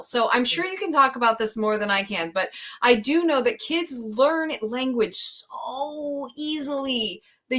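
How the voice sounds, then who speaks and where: A woman's voice: fairly high pitch, sharp tone. A woman hosting a podcast interview, enthusiastic and effusive in her responses. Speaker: podcast host.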